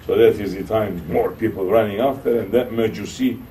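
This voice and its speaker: A man's voice: brisk, slight background noise. Turkish-accented man preaching, distant mic. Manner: animated storytelling, acting out quoted voices with rising pitch. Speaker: Sufi shaykh. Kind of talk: sermon storytelling. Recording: distant mic with faint room ambience.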